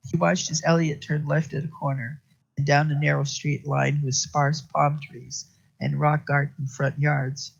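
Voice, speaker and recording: A man reading a crime novel aloud in a steady narrating voice that stumbles and restarts now and then. His voice is gravelly with a husky edge, and the recording is dull and lo-fi. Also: on the high side, unhurried. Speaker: reader.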